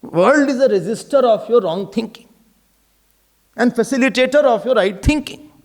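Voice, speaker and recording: A man's voice: very high voice, animated, normal speed. A man with an Indian English accent giving a sermon as a swami, repeating key phrases for emphasis and slipping Hindi words into his English. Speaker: swami giving a spiritual talk.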